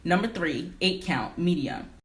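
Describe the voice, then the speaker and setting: A woman voicing a curt female fast-food cashier, stiffly polite and clipped. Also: fairly low pitch, animated. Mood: curtly polite.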